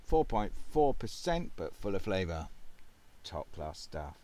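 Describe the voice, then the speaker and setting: A man's voice: low-pitched, very animated, measured pace, dark tone. A man hosting a casual gaming video at home, rambling and wry with plenty of fillers. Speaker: gaming channel host.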